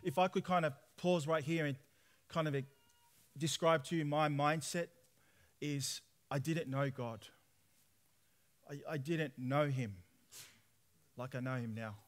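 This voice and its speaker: A man, preaching a personal testimony sermon in lively storytelling style, acting out dialogue. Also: fairly high pitch, measured pace, pauses often. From Australia. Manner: animated storytelling, acts out dialogue with laughs.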